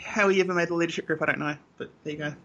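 A man's voice: on the high side, fairly even intonation, racing, fairly bright tone, muffled recording. An Australian man co-hosting a casual fan podcast, blunt and opinionated, with frequent ums. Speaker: podcast co-host.

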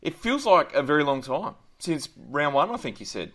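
Bright-voiced Australian podcast host. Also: male voice, fairly high pitch, sing-song. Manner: chatty and upbeat, often pausing on fillers. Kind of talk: casual sports podcast chat.

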